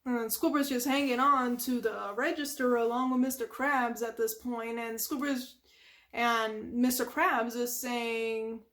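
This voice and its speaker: High-voiced woman host, casual, rambling retelling full of fillers. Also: steady tone, unhurried, fairly bright tone. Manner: rambling, with lots of filler words and sound effects. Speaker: ASMR channel host. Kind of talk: casual retelling of a cartoon from memory.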